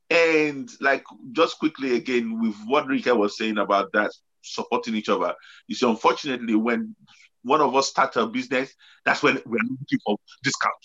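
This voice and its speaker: A man's voice: mid-range voice, fairly even intonation, normal speed, a bit bright, husky, muffled recording. A man hosting a casual panel discussion, telling stories animatedly and laughing as he goes. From UK-based. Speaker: host.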